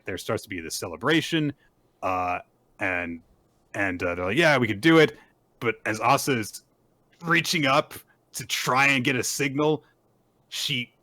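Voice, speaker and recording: Low-voiced bright man recapping manga. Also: no room sound. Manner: rambling retelling with fillers and profanity; plays characters' lines in quick put-on voices. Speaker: podcast host.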